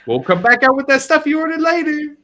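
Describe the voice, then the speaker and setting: A man's voice: very high voice, animated, fast, pushed and bright, voice pushed up, heavily acted. A man voicing a boisterous, cheerful male innkeeper who calls out heartily.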